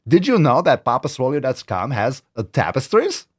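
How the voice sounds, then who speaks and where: A man's voice: mid-range voice, moderate pace, slightly rough. A man hosting a fitness vlog, joking and swearing in casual talk. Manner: profane, joking, animated. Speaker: fitness podcast host.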